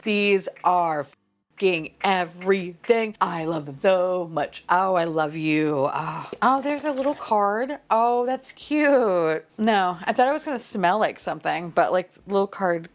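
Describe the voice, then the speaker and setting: A young woman chatting casually as she unboxes collectible toys, gushing, swearing freely and breaking into delighted squeals. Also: mid-range voice. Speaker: unboxing vlogger.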